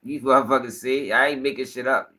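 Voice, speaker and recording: A man's voice: medium pitch, steady tone, fast, pushed and bright. A young man giving rambling, profane casual commentary on a livestream.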